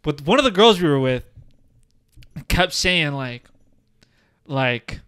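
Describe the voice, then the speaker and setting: A man's voice: a little high, slow pace, clean tone. A young man, a podcast co-host, telling a story in casual chat, full of "like" and "bro". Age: young adult. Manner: animated storytelling, heavy use of "like" and "bro". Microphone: studio podcast mic, seated.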